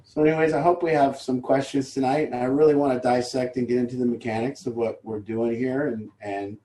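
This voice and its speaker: A man's voice: medium pitch, steady tone, a little fast, warm tone. A man leading a support group, talking candidly and rambling, with casual swearing. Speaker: recovery group leader. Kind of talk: informal talk to a support group. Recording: roomy echo.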